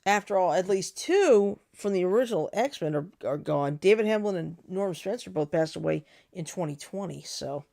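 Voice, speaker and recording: A woman co-hosting a relaxed chat show, talking with animated energy. Her pitch swoops widely and she laughs between thoughts. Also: moderate pace, gravelly, few pauses. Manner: animated, laughs often, quotes cartoon lines. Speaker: podcast co-host. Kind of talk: casual chat.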